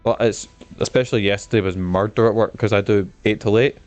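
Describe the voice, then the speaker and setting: Man, gaming streamer, casual chatty commentary, fairly low voice, curses freely. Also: steady tone, fairly quick, a little mellow, faint music behind. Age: adult. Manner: chatty, swears freely, enthusiastic.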